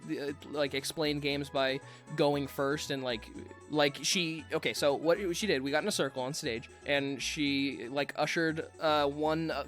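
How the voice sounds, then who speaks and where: A man's voice: on the high side, a bit bright. A man in his twenties telling a rambling, sweary, self-mocking story about his school days. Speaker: vlogger. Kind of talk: casual storytime rant.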